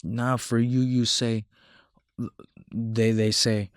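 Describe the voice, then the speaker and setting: Flat-voiced man in a blunt slangy rant. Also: medium pitch, slow, clear, resonant tone, no echo, studio quality. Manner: slangy, profane and repetitive, restating lines and mocking others in quotes. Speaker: self-improvement commentator. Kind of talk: casual monologue to camera.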